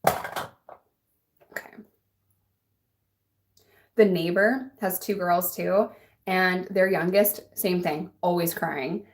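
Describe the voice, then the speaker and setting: A woman's voice: lowish voice, steady tone, very slow, long pauses. A young adult woman vlogger chatting casually and bluntly while doing her makeup, laughing often and answering a live chat.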